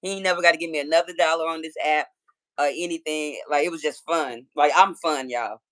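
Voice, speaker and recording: A woman's voice: low voice, steady tone, a little fast, a bit bright. A woman in her thirties from Georgia with a Southern accent, chatting casually and profanely with viewers on a phone livestream. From Georgia, USA. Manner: chatty, profane, talks straight to her chat. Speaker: livestream host.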